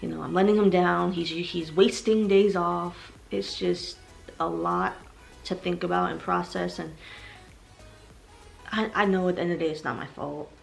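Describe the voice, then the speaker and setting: A woman's voice: lowish voice, fairly even intonation, moderate pace, creaky, soft background music. A heavily pregnant young woman vlogging to her viewers, talking in an emotional, rambling way and growing tearful at times. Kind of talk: personal vlog confession.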